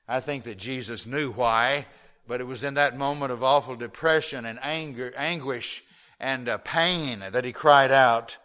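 A man's voice: medium pitch, normal speed, bright, forceful tone. A middle-aged male pastor preaching a sermon, earnestly reading and explaining scripture.

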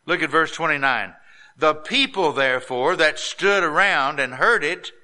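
A man preaching a sermon, reading scripture slowly and deliberately and lifting his voice on the quoted lines. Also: sharp tone. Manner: reads scripture slowly, rising in pitch and volume on quoted lines; drawn-out, deliberate delivery.

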